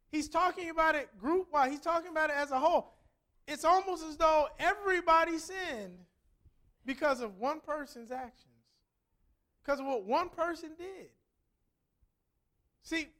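A woman's voice: high-pitched, fairly bright tone. A woman reading a Bible passage aloud and then explaining it in an earnest, conversational sermon with emphatic repetition. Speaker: Bible teacher. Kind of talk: scripture reading and sermon commentary.

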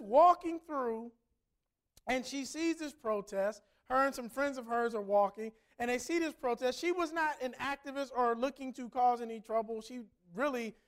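A preacher on a livestream, earnestly retelling a story in a conversational way and often repeating words as they go. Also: high voice. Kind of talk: livestreamed sermon-style storytelling.

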